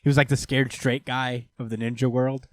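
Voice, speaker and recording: A man's voice: medium pitch, flat delivery, moderate pace, no echo. A man co-hosting a podcast, loosely retelling an anime episode with lots of fillers. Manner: rambling, filler-heavy retelling. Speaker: podcast co-host. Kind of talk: casual anime recap chat.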